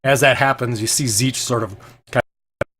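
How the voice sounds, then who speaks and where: A man's voice: medium pitch, steady tone, normal speed, background noise. A man as game master, narrating a tabletop game in a hesitant way with many ums and restarts.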